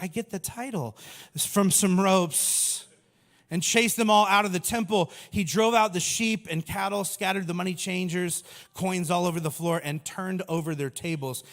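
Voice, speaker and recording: A man's voice: high-pitched, fairly bright tone. A man in his thirties preaching a humorous sermon as pastor, acting out little voices and jokes as he goes. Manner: humorous, acts out voices of people and Jesus. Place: large church hall. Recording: long hall reverb.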